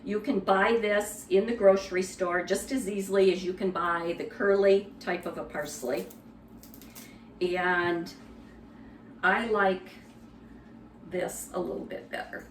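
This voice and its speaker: A woman giving a cooking demonstration in a kitchen, explaining in a relaxed, conversational way with some fillers. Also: medium pitch, unhurried, long pauses, echoey room, far from the mic, slight background noise.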